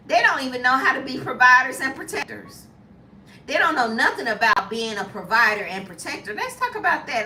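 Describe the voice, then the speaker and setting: A woman in her fifties chatting casually as a vlogger, emphatic and quick to laugh. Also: high-pitched, pushed and bright, slight background noise. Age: 50s. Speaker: lifestyle vlogger. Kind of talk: casual live chat. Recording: echoey room from a distance.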